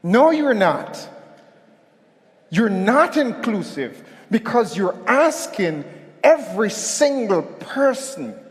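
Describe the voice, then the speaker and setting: A man delivers a motivational keynote from a hotel conference stage, drawing the audience in with a story and asking them to answer back. His high voice swings widely and he speaks slowly. A long reverb from the large hall hangs on every phrase. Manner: animated, storytelling, calls on the audience.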